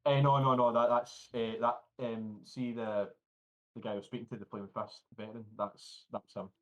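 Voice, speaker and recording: A man's voice: mid-range voice, flat delivery, normal speed, low-quality recording. A man narrating a tabletop game as game master, rambling with restarts and swearing.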